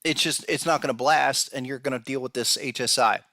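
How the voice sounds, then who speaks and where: A man's voice: medium pitch, fairly quick, pushed and bright, dry recording, studio quality. A man hosting a podcast, giving casual market analysis, who talks to viewers directly and often repeats words as he goes. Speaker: podcast host and trading analyst.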